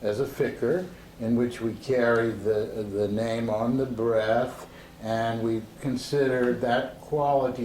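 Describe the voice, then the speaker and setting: Male Sufi teacher, slow and searching, full of ums and restarts; recorded in an echoey room with faint street noise. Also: lowish voice, a little mellow. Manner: slow and halting, with many fillers and restarts. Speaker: Sufi teacher leading a group practice. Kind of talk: relaxed spoken instruction to a seated group. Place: indoor room with a door to the street.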